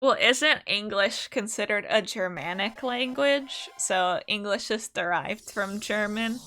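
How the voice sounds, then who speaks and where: Bright-voiced woman rambling while gaming. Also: mid-range voice, a little slow, slight background noise. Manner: rambling, musing aloud with fillers and loose asides. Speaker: streamer. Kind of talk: casual gameplay commentary.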